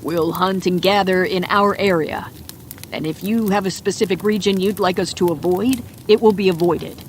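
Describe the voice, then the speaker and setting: A woman voicing a calm, laconic man raised in the backwoods, speaking tersely and evenly in a bedtime mystery audiobook. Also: on the low side, moderate pace, slight background noise, natural voice. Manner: terse and even.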